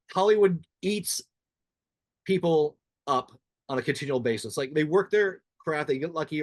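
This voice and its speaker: This man hosting a podcast talks in a fairly high pitch, keeping the interview chat casual, rambling and candid, and repeatedly restarting what he's saying. No room sound is audible.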